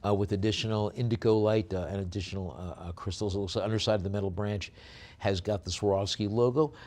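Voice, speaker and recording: A man working as an auctioneer, describing each lot in a relaxed, joking way, then chanting the bids quickly. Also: fairly low pitch. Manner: rapid bid chanting between chatty, joking descriptions. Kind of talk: live auction calling with item descriptions.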